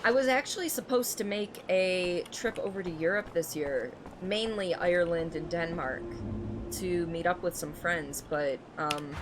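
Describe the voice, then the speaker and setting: A woman's voice: on the low side, a little slow, slight background noise. A young adult woman from Michigan, streaming a game and chatting casually with her viewers, laughing often. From Michigan, United States. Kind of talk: casual gameplay stream chat.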